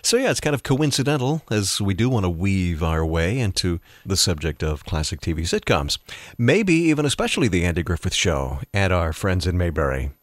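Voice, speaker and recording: A talkative male radio host from Massachusetts with a fairly low voice. He spins little stories in a relaxed on-air chat. The sound is dry and close. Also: no room sound. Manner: chatty, storytelling, quick to laugh.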